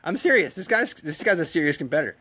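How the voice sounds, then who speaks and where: An American man, a race car driver, telling stories in a casual interview, chatty and animated, with lots of fillers and acted-out quotes. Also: fairly high pitch, fast, breathy edge.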